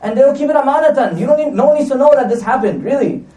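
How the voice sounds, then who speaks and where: A man's voice: extremely high pitch, animated, fast, mellow. A man giving a conversational religious talk, telling stories with asides and fillers. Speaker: preacher. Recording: echoey room, mic at a distance.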